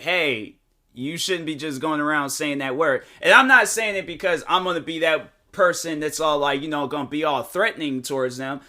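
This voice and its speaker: A man talking straight to camera in a casual opinion vlog. His voice sits a little high and comes out bright and forceful. He talks in a loose, animated, slangy way, full of filler words. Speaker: vlogger.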